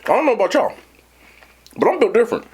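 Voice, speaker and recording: A man's voice: high voice, fast talker, husky. A man hosting an eating show, telling a story casually and talking straight to his viewers. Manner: animated, talks to viewers directly. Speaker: mukbang host. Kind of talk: casual storytelling to a live chat.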